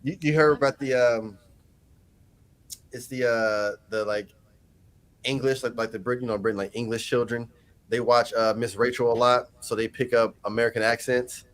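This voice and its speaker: A man hosting a casual livestream chat, telling stories in loose slangy talk and jumping into high mocking voices for quotes. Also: fairly even intonation, normal speed, fairly bright tone. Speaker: host.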